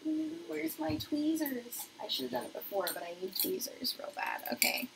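A woman's voice: high voice, expressive, moderate pace, gravelly, very noisy. Chatty young woman hosting a livestream. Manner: chatty, reads viewer comments aloud, often drops to a soft murmur. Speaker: beauty livestream host. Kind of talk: casual livestream chat while doing makeup. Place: home apartment.

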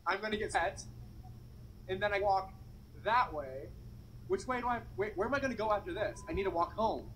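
A man's voice: sits high, brisk, pauses often, a bit bright, a little hiss or hum, poor audio. A young man vlogging outdoors beside a public fountain, talking in a flustered, anxious, rambling way full of swearing. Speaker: vlogger doing a dare. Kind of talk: casual vlog to camera.

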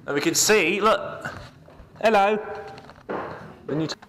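A man's voice: high voice, unhurried. A man chatting casually through a vlog and directing his friend around an outdoor theme park. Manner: chatty, animated, giving directions. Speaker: vlogger. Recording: noisy outdoor camera audio.

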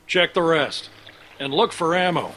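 An actor playing a gruff, grizzled uncle who leads a band of survivors in a game, blunt and commanding. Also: male voice, a little high, animated, measured pace, sharp tone, full character voice, poor audio. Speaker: video game character. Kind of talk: game dialogue.

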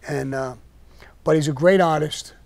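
An older man with a slightly higher voice tells stories on a live stream in a blunt, profane way. He rants hard when worked up. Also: moderate pace, a little mellow. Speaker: podcast host telling stories. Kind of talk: casual storytelling on a live stream.

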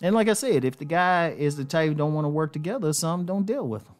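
A man's voice: on the high side, expressive, fast talker, faint music behind. A man hosting a casual relationship advice monologue, blunt and informal, repeating key phrases for emphasis. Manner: informal slang-heavy delivery. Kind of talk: casual direct-to-camera monologue.

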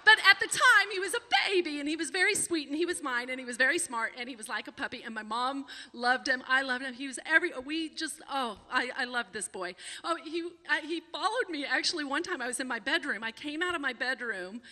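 A woman in her forties performs a personal story on a small stage, her voice high and brightly ringing. She tells it with animation and frequent laughter. A long hall reverb trails each phrase. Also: lively intonation, brisk, hardly any pauses. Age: 40s. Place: small venue with a live audience.

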